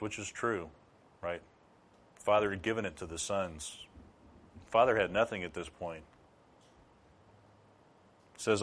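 A man's voice: lowish voice, unhurried, long pauses. A middle-aged man preaching a sermon as pastor, teaching through rhetorical questions.

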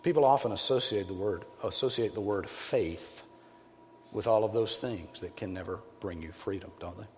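A male preacher giving a sermon, emphatic, rising to loud peaks and then dropping low. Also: normal speed, slight background noise. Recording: long hall reverb, faint ambience.

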